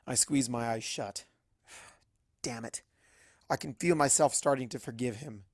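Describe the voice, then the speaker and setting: A man narrating a fan-fiction story in first person, with a brisk, wry, chatty delivery. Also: medium pitch, dry recording, clean studio sound. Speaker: fanfic reader.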